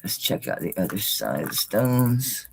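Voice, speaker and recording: A woman with a low voice hosts a casual live jewelry sale, chatty and exclaiming. Her pitch swings widely as she talks, and she drops in mild swearing. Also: sing-song, unhurried, gravelly, slight background noise. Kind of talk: casual live-stream sales talk.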